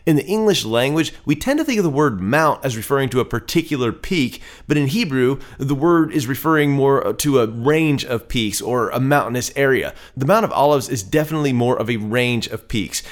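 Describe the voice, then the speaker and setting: A man's voice: mid-range voice, fairly quick, few pauses. Man reading and explaining scripture. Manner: steady, explanatory teaching. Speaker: Bible teacher.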